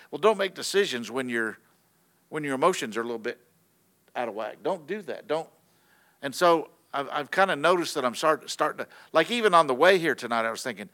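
A man's voice: mid-range voice, fairly bright tone. A man preaching to a church gathering in a loose, conversational way, full of fillers and restarts. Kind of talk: unscripted sermon to a church gathering.

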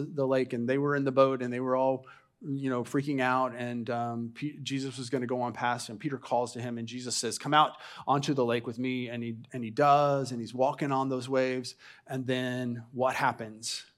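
A male pastor delivering a sermon in a church at a mid-range pitch. He talks conversationally, often restarting phrases and asking the congregation rhetorical questions. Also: little pitch movement, moderate pace. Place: church sanctuary.

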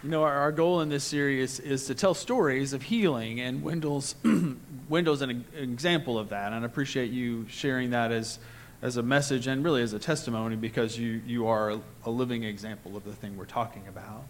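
A man as pastor, talking in a reflective, halting way from the pulpit. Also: mid-range voice, a little hiss or hum. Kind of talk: sermon.

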